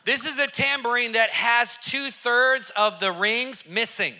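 Bright-voiced, excitable male storyteller. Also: very high-pitched, unhurried. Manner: excitable, emphatic, with laughs. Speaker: podcast host. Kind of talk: animated storytelling.

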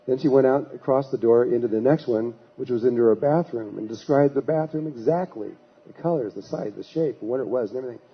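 A spiritual teacher telling a long story in a husky, middle-pitched voice. He often stops and restarts his sentences as he goes. The recording sounds dull and lo-fi. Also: quick pace, hardly any pauses. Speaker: spiritual teacher giving a talk. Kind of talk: anecdotal storytelling talk.

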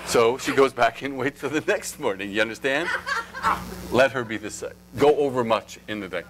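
A man's voice: mid-range voice, normal speed, background noise. A man coaching actors in a live acting workshop, playful, coaxing and freely profane as he talks to performers and the audience. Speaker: acting teacher.

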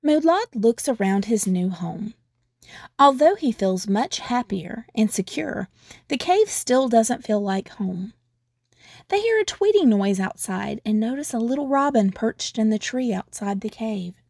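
A woman storyteller reading a children's picture book aloud in a calm, even manner. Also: fairly high pitch, unhurried, gravelly, no echo, studio quality.

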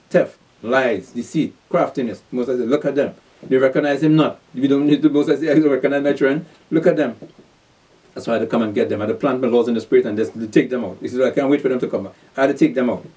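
A man's voice: medium pitch, dark tone, far from the mic. A man preaching a sermon, reading scripture aloud and pressing his listeners with repeated rhetorical questions. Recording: voice set back from the mic.

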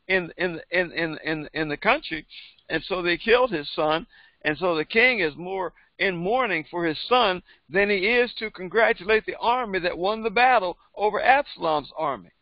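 A man's voice: high voice, gravelly, dry recording, highs cut off. A pastor reading scripture aloud and then explaining it in plain conversational speech, often repeating words as he goes. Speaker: pastor and Bible teacher.

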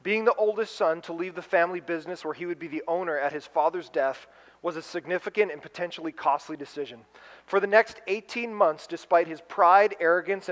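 A man preaching a sermon as pastor, animated, acting out kids and parents in quick asides. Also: fairly high pitch, long reverb tail. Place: church sanctuary.

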